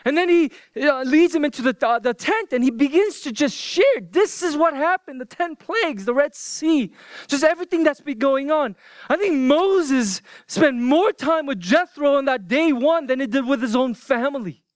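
High-voiced pastor preaching with hushed asides. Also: male voice, expressive, moderate pace, no echo. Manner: conversational, dropping to hushed whispers for emphasis. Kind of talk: sermon.

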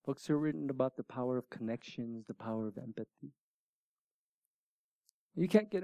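A middle-aged man preaching a sermon, emphatic and animated at times, then dropping to soft, near-whispered words. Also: medium pitch, normal speed, long pauses, dry recording, studio quality. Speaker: pastor.

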